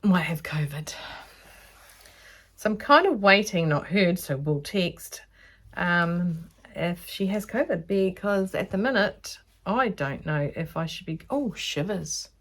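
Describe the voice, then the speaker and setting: Aussie lady rambling through a sewing vlog, kinda low voice, chatty. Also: animated, slow, a bit bright. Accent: Australian. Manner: rambling, chatty, self-aware. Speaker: dressmaker teaching sewing. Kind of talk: casual chatty tutorial vlog.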